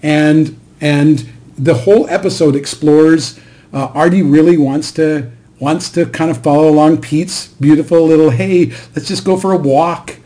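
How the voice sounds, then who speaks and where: Mellow-voiced man retelling a story, middle-aged. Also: a little high, unhurried. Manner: animated storyteller, acts out quoted lines. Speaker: podcast co-host. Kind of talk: casual conversation, retelling a show scene.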